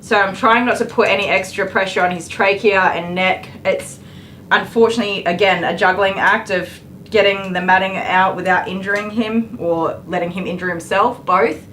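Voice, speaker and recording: A woman dog groomer on a live stream, firmly telling a dog to stop and then calmly explaining her work to viewers. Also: medium pitch. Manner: firm commands to dog, then calm explaining. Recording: noisy grooming room with clipper buzz.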